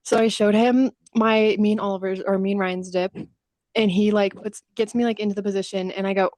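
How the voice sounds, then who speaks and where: A woman's voice: medium pitch, fairly even intonation, fairly quick, a little mellow, no echo. A young adult woman co-hosting a podcast, chatting casually and telling stories with casual swearing and acted-out quotes. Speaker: podcast co-host. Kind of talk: casual chat.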